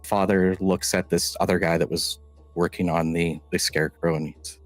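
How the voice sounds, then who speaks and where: A man narrating a tabletop role-playing game as game master, telling the scene in a halting, measured way with frequent restarts. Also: low-pitched, level tone, no room sound, faint music behind.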